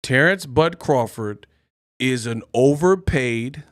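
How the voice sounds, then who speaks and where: A man's voice: mid-range voice, animated, slow, no room sound, clean studio sound. A man hosting a boxing live stream, joking and laughing often as he does impressions. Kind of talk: casual live-stream commentary.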